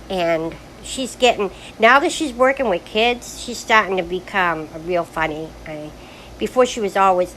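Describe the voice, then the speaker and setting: A woman's voice: medium pitch, fairly bright tone, a little hiss or hum, low-quality recording. An older woman talking frankly in a rambling, casual monologue about her life, full of restarts. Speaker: grandmother sharing life stories.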